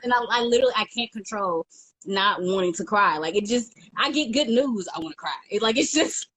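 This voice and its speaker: Giggly animated woman co-host. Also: on the high side, brisk, low-quality recording. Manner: animated, giggly, acts out her inner voice. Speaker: podcast co-host. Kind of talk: casual chat.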